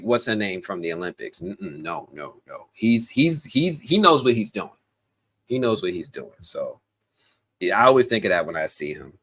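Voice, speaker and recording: A man hosting a casual live stream, chatty and animated, talking straight to his viewers with plenty of slang, fillers and restarts. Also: fairly low pitch. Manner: slangy, addresses viewers directly.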